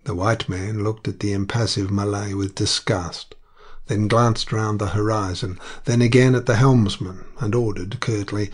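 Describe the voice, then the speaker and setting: Brief: male audiobook narrator, low and steady, measured delivery. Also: breathy edge.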